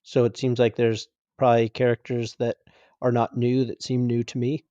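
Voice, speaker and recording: A man's voice: mid-range voice, level tone, moderate pace, warm tone, no echo, highs cut off. A man joining a casual podcast chat, laid-back and laughing at himself. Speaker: podcast co-host.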